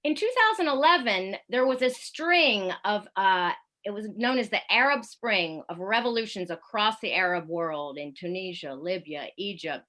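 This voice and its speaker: Bright-voiced woman telling a story. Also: mid-range voice, moderate pace, few pauses. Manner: lively anecdotal storytelling with fillers. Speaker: radio correspondent giving a talk. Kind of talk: storytelling talk over video call. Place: home in Paris, at night. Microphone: video call.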